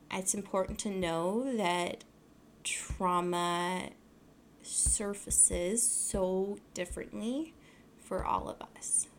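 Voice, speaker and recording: A woman's voice: mid-range voice, gravelly, fairly bright tone, a little hiss or hum. A young adult woman hosting her own podcast, talking casually in a rambling way, full of fillers and self-corrections. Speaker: podcast host. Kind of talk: casual solo podcast talk.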